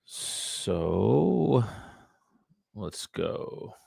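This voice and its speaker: A man's voice: on the low side, very animated, extremely slow, vocal fry, dark tone, breathy edge, no room sound, clean studio sound. A man, a real estate agent chatting casually on a livestream between cold calls. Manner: casual, rambling, talks to viewers between calls. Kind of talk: casual livestream chat while cold calling. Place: his home studio.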